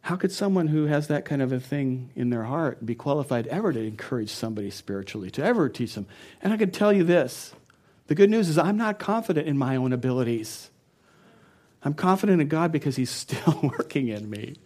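A man's voice: medium pitch, expressive, a little fast, a little mellow. A middle-aged man, a pastor, preaching a sermon in an earnest and personal storytelling way, often laughing.

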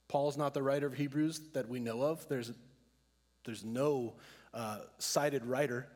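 A man preaching a sermon as pastor, earnest, and he slows down to stress key words. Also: medium pitch, big-room sound.

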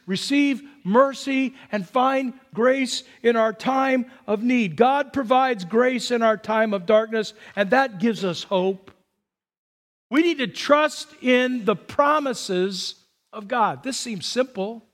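High-voiced man preaching with jokes. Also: in a large hall. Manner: conversational preaching with asides and humor. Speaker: pastor. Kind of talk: sermon. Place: church sanctuary.

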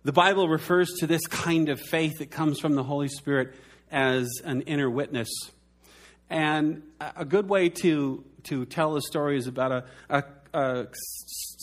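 Earnest man preaching, slightly high voice. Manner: earnest preaching, slows down and drops soft for emphasis. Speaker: pastor. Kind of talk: sermon.

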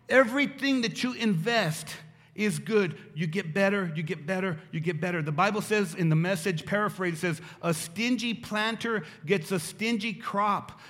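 A middle-aged man preaching a sermon as pastor, animated and repeating his points for emphasis. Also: sits high. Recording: long hall reverb.

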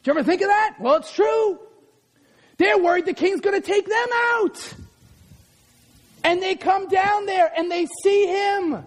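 A man in his forties preaching a lively sermon, who often breaks into shouts as he acts out scenes. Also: extremely high pitch. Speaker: pastor who also teaches school.

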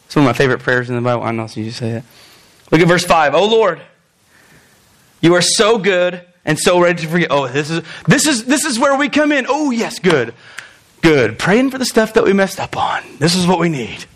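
High-voiced joking preacher man. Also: big pitch swings, a little fast, fairly bright tone. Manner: conversational and joking, with laughs and asides; restarts and repeats words. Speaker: pastor. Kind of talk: sermon.

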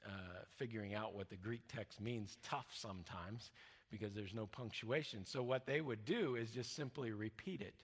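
A man's voice: moderate pace, husky. Man preaching in a reverberant hall. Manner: conversational, with many fillers and restarts; drops soft and low when quoting scripture. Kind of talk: sermon teaching.

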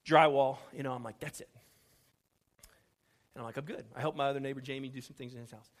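A man's voice: mid-range voice, fairly even intonation, very fast. A middle-aged male pastor from Houston, telling a story in a sermon, acting out the dialogue with self-deprecating humor. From Houston, Texas.

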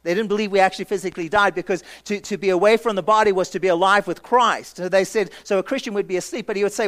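A man's voice: high-pitched, fairly even intonation, quick pace, few pauses, a bit bright. A man preaching an emphatic sermon as pastor, acting out imagined voices from the congregation and asking rhetorical questions.

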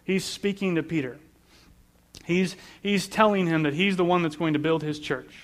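Earnest male preacher with a somewhat high voice, repeating words as he explains scripture. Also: moderate pace. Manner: earnest, repeats words while building points. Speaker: pastor. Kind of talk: sermon.

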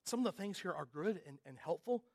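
A man preaching a sermon as a pastor, earnest, moving from loud emphasis to quiet intensity. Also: sits high, lively intonation, fast, creaky.

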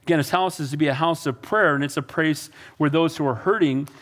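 A man's voice: on the high side, brisk, a bit bright. A male pastor preaching a sermon, emphatic, with repeated calls to his congregation.

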